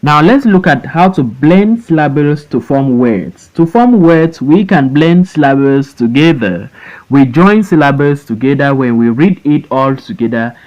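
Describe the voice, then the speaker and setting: Male teacher, unhurried delivery, spells out words in slow syllable chunks for an online class. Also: mid-range voice, darkish tone, lo-fi sound. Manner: stretches words out syllable by syllable, repeats them. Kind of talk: slow classroom phonics lesson. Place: voice-over for an online lesson.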